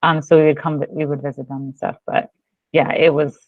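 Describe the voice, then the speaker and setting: Gravelly woman from Florida, dull dry sound. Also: sits low, level tone, brisk, no room sound. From Florida, USA. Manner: giggly, easygoing. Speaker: podcast guest, muralist. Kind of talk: casual chat.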